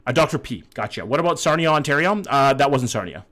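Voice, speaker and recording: A man with a mid-range voice talks at a quick pace while streaming a map-guessing game in casual chat. He reads viewers' messages aloud, jokes, and swears freely, breaking out in bursts of excited hype between calmer stretches of guessing.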